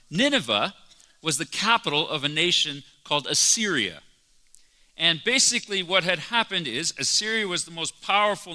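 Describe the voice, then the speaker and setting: A man preaching a conversational, wry sermon as pastor in a church. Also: big-room sound. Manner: conversational and wry, with animated jumps in pitch. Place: church sanctuary.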